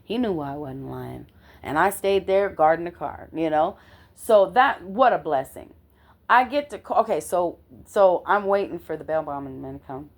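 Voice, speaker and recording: A middle-aged woman telling a personal story in an animated way, often checking in with the listener. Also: fairly low pitch, normal speed. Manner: animated, constantly checks in with "okay?".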